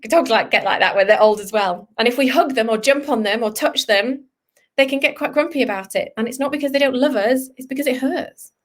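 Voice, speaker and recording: A woman, a vet, giving a chatty, animated live online lesson for children over a video call. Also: a little high. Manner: animated, chatty, acts out dog voices. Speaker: vet teaching kids.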